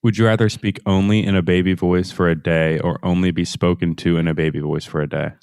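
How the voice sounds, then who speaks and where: A man's voice: low-pitched, fairly even intonation, a little mellow, no echo, studio quality. A man on a comedy podcast reading out would-you-rather questions plainly and chiming in. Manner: reads questions out quickly and plainly. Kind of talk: casual comedic banter.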